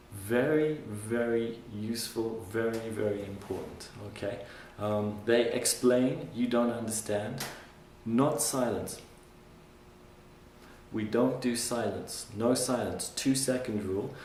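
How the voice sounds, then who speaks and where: A male English teacher giving a classroom lesson, patiently repeating phrases slowly for his learners. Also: mid-range voice, a little mellow, a little hiss or hum. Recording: roomy classroom sound from a distant mic.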